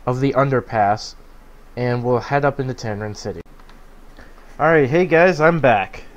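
A man giving relaxed let's play commentary on a game, talking slowly with filler pauses. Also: medium pitch. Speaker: gameplay commentator.

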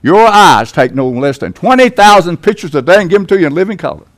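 An older Southern man preaches in a high voice that leaps around, folksy and emphatic. His delivery swells without warning, the way a pastor talks to his congregation. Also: expressive, quick pace. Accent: Southern American. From Tennessee. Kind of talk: sermon. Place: church sanctuary.

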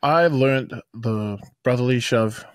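A man's voice: mid-range voice, slow pace, no echo. A young adult man with an Australian accent, a podcast guest in casual chat who repeats his phrases as he talks.

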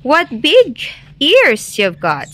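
A little rabbit squeaks with excitement, as a woman reading a bedtime storybook puts it on. The voice sits very high and bounces around, bright and sharp. The delivery is unhurried, as a bedtime reading should be. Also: full character voice. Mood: curious.

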